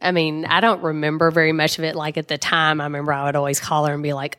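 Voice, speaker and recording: Low-voiced chatty woman. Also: quick pace. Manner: chatty, animated retelling with many fillers. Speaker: interview guest. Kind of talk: candid conversational storytelling.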